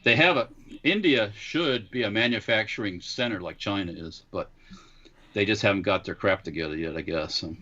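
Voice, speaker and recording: Male co-host, bright tense tone, lo-fi muffled audio, hesitant chat. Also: fairly low pitch, moderate pace. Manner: hesitant, filler-heavy, easygoing. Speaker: podcast co-host. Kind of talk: casual podcast chat. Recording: dull lo-fi sound.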